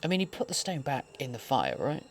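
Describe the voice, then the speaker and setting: A man's voice: mid-range voice, huge pitch swings, brisk, slight background noise. Male host, wry and jokey, rambling horror episode commentary.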